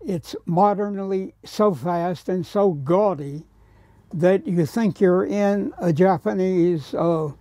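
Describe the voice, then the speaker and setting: With a high, dark-toned voice and a slow pace, a man from the United States shares anecdotal stories as a painter. He voices other people's lines and sometimes whispers, and the recording has no echo.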